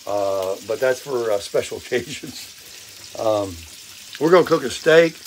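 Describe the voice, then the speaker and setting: An older man hosting a casual vlog while cooking in his camper, upbeat and self-amused, his voice a bit hoarse with frequent throat clearing. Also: mid-range voice, expressive, a little slow, slight background noise, poor audio. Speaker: vlog host. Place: camper kitchen. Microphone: phone on a selfie stick. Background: bacon frying.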